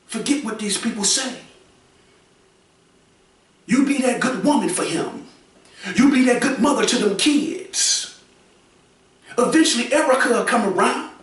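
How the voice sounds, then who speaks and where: A man giving preachy advice to other people, repeating his points and often raising his voice to a shout. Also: very high-pitched, very echoey, distant mic. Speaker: commentator.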